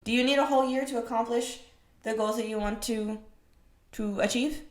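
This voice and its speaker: A young woman who hosts a fitness podcast and works as a personal trainer delivers a casual monologue, slightly high-voiced and at a moderate pace. She's blunt, profane and emphatic, swearing a lot, firing off rhetorical questions and swinging animatedly in loudness, all in a roomy echo.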